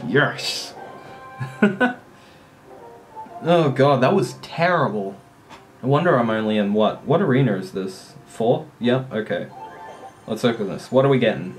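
An excitable man talks through a mobile game in a loose, unhurried way, swearing when plays go wrong. His voice sits at a middle pitch, and faint music plays behind him. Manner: excitable, swears and laughs at his own play. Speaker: gamer playing a mobile strategy game. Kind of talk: casual gameplay commentary.

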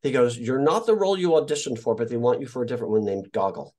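This Indiana actor talks fast in a mid-range, somewhat mellow voice while guesting on an interview. His storytelling is casual, laced with free swearing, and he performs the voices of anyone he quotes.

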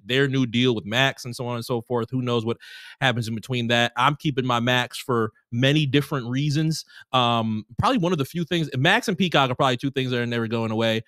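A man's voice: medium pitch, fairly bright tone, no echo, studio quality. A man co-hosting a casual sports podcast, rambling with restarts and fillers and swearing casually. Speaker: podcast co-host.

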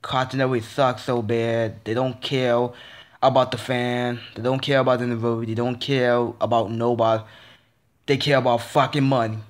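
A man's voice: medium pitch, flat delivery, moderate pace. A man vlogging a frustrated, casual rant, repeating himself and stammering through restarts. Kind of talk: ranting casual monologue.

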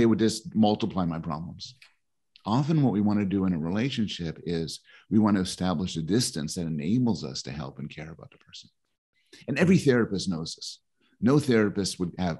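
A man's voice: low voice, darkish tone, breathy edge. A middle-aged man explaining his ideas in conversation, thoughtful and prone to stammering restarts. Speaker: guest author.

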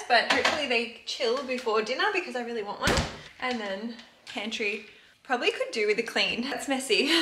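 A woman's voice: a little high, reverberant, noisy background. A young Australian woman chatting casually to camera in an upbeat vlog at home. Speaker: vlogger.

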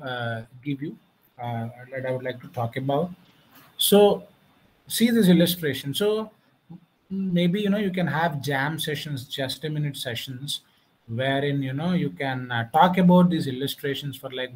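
A man's voice: a little high, slightly rough, rough recording. A man with an Indian English accent giving an online lecture, explaining patiently step by step and often saying "you know". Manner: patient, stepwise, with many "you know" fillers. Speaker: guest speaker.

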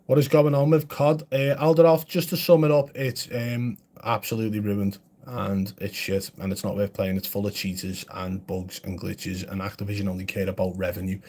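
A man's voice: lowish voice, flat delivery, moderate pace, few pauses, a little mellow. A man chatting casually on a live stream, answering viewer comments in a blunt, chatty way.

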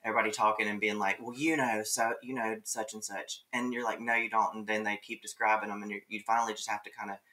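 A man from Mississippi, a guest in a casual chat, easygoing and quick to laugh, thoughtful when he explains. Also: lowish voice, level tone, pushed and bright, low-quality recording.

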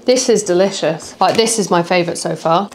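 A woman's voice: lowish voice, a little fast, darkish tone, a little hiss or hum. A young woman hosting a casual eating video with her husband, chatting and laughing between bites. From United Kingdom. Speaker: YouTube host. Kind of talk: casual chat while eating.

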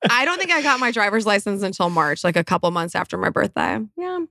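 A woman in her thirties from Colorado, co-hosting a podcast with lively, sarcastic storytelling and frequent laughs. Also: mid-range voice, quick pace, dry recording, clean studio sound. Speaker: podcast co-host. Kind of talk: casual chat.

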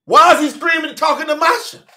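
A man preaching in a strikingly high voice. His tone is bright and forceful. He talks in an emphatic, colloquial way and keeps turning to the congregation with direct questions. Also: quick pace. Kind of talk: sermon.

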